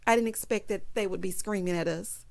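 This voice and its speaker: This young adult woman hosts a casual reality show recap, sassy and animated, calling her listeners honey and child. She speaks briskly in a mid-range, gravelly voice.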